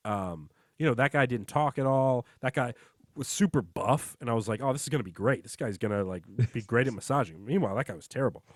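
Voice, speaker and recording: A man's voice: medium pitch, expressive, fast talker, no room sound. Young guy telling goofy stories on a podcast, dry mic, mid voice. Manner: rambling storyteller, laughs through jokes. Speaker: podcast co-host. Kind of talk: casual chat.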